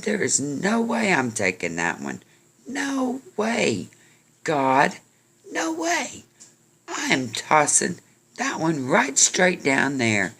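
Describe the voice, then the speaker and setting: A woman's voice: extremely low pitch, a bit bright, husky, full character voice. A woman voicing a fussy man sorting apples, indignant and emphatic.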